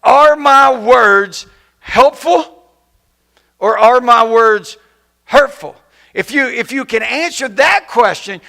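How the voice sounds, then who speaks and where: High, bright-voiced gravelly male preacher. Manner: conversational and playful, acts out complaining people. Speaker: pastor. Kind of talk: sermon. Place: church.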